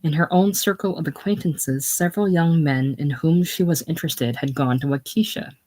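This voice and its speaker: Measured audiobook narrator. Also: mid-range voice, a little mellow. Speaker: audiobook reader.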